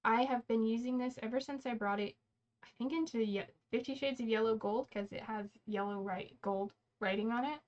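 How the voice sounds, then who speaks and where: A woman's voice: a little high, fairly quick, a little mellow. A woman hosting a casual makeup livestream, chatting and rambling as she works and often correcting herself mid-sentence. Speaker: beauty livestream host. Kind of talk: casual get-ready-with-me livestream chat. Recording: slightly dull lo-fi sound.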